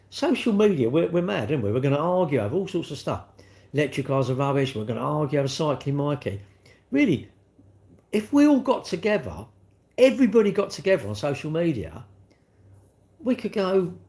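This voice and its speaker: A man's voice: on the high side, creaky, a little mellow. A middle-aged man, hosting a casual live stream, chatting and ranting in a rambling way with lots of rhetorical questions. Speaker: livestream host. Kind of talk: casual live-stream chat reading comments.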